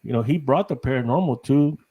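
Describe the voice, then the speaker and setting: A middle-aged man from Texas talks as a podcast guest, loose and rambling. He laughs often and strings his thoughts together with "you know". His pitch sits in an ordinary middle range. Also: a little fast, mellow, slightly rough, low-quality recording. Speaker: guest, paranormal investigator. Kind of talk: casual podcast chat.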